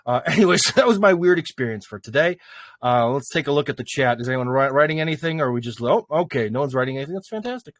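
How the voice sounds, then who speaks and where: A man's voice: mid-range voice, fast talker, no room sound. A man in his forties hosting a casual livestream, rambling and joking at his own expense, with lots of fillers. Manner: rambling, self-mocking, many fillers. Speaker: livestream host.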